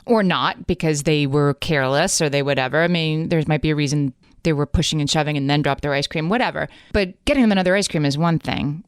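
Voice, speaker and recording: A woman's voice: low voice, fast talker, hardly any pauses, clean tone, no echo, studio quality. A middle-aged woman co-hosting a parenting podcast, speaking directly with firm opinions and easy laughs. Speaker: podcast co-host. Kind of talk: casual parenting chat.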